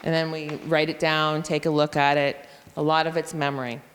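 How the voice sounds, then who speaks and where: A reading intervention teacher, a woman with a low, fairly flat voice, gives a professional development presentation on a phonics method to other educators. She spells letters and sounds them out slowly. Recorded in a school room or hall, her explanation carries a long reverb like a large hall.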